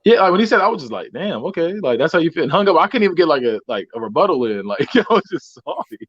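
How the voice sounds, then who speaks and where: A podcast co-host with a high, husky voice tells work stories in a loose, profane, casual chat, talking fast, very animated and laughing often. The audio is dull and lo-fi with no echo.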